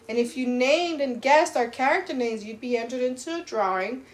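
Animated woman co-hosting a chat podcast. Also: high voice, normal speed. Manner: animated and emphatic, gives playful advice. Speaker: podcast co-host. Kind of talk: casual chat.

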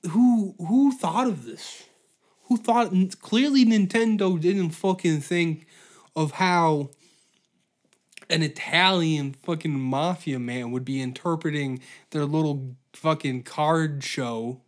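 A man's voice: on the high side, slow. A man hosting his own podcast delivers a comedic solo rant. He swears heavily, rambles from riff to riff and laughs at his own jokes. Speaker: podcast host.

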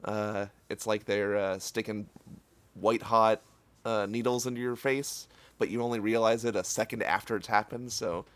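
A man's voice: lowish voice, fairly even intonation, normal speed, fairly bright tone, no echo. Man, casual podcast co-host, teasing and jokey, getting over an illness, dry close sound. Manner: joking, teasing. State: recovering from illness. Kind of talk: casual chat.

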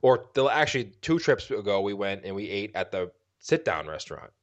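A man's voice: on the low side, very animated, a little fast. A man with a Boston accent co-hosting a podcast, chatting in a rambling, jokey way and correcting himself as he goes. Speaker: podcast co-host. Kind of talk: casual chat.

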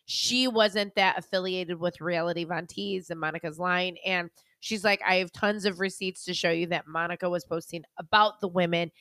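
Bright, animated woman podcast host. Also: lowish voice, normal speed, few pauses, clear, resonant tone, no room sound, studio quality. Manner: animated, swears often, quotes people in put-on voices. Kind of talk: casual chat recapping reality TV.

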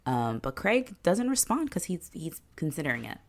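Low, gravelly woman chatting casually. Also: big pitch swings, normal speed. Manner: rambling, filler-heavy, frequent "like", sarcastic asides. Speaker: podcast co-host recapping a TV episode. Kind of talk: casual chat.

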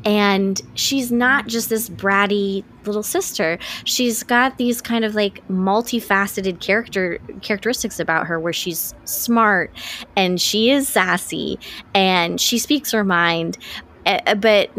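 A woman's voice: medium pitch, slow pace, a bit bright, a little hiss or hum. Chatty woman, eager and rambling. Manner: enthusiastic, rambling with restarts and fillers. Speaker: podcast co-host. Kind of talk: casual chat.

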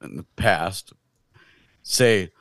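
A man's voice: sits low, animated, drawn-out words, gravelly, a bit bright, dry recording. A man co-hosting a podcast, chatting casually and reflectively about faith, often trailing off mid-thought. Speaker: podcast co-host.

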